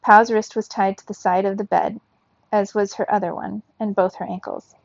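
Brief: woman reading a children's novel aloud, husky and gravelly, dry dull lo-fi recording. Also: mid-range voice, normal speed, no echo. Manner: steady storybook narration. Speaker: reader.

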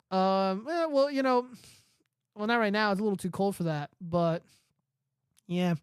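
A man's voice: sits high, expressive, brisk, clean tone, no echo, studio quality. A man hosting a livestream, ranting casually and profanely while answering chat. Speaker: livestream host.

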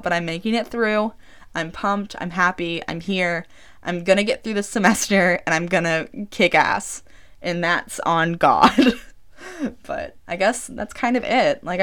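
A woman's voice: fairly low pitch, fairly bright tone. A woman of about twenty hosting her own podcast, chatting casually and rambling with lots of "like.". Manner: chatty, rambling, heavy use of "like". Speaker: podcast host. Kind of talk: casual solo podcast chat. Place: small room she records in.

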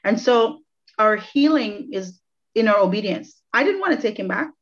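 Here the same earnest, reflective faith testimony comes in an animated, medium-pitched voice at a moderate pace. She's a guest being interviewed, leaning on repeated phrases for emphasis, captured in dull lo-fi audio.

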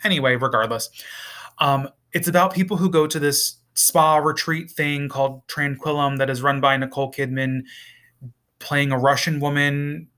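A man's voice: fairly high pitch, steady tone, normal speed, sharp tone. A man reviewing a TV series in a casual vlog, rambling and exasperated, with frequent swearing.

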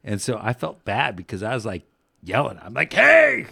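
A man co-hosting a casual sports podcast, telling rambling, profane stories that get animated. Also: lowish voice, brisk, gravelly, slightly rough, dry recording, studio quality. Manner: rambling storyteller, swears, animated when recounting yelling. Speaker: podcast co-host.

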